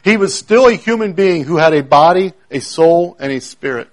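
Emphatic preacher, fairly high voice. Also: male voice, expressive, normal speed. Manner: emphatic, repeats key phrases, swings between loud and hushed. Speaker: pastor. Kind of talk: sermon.

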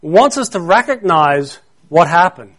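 A man's voice: high voice, lively intonation, unhurried, fairly bright tone. A man preaching a sermon, explaining a Bible word in an earnest way that grows more intense when he stresses a point.

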